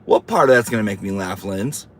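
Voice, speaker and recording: A man's voice: on the low side, expressive, a little fast, very noisy. A man hosting a casual livestream, reading viewer comments aloud and teasing them in a sassy, campy way.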